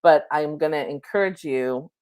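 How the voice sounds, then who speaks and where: A woman with a low-pitched voice talks as a spiritual coach in a relaxed, chatty way. She reassures her listeners and checks in with them often, sometimes slowing right down to count out a breathing meditation. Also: clear, resonant tone. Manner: gentle, chatty, reassuring, with many asides. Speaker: spiritual coach giving an oracle card reading. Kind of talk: casual spiritual guidance talk.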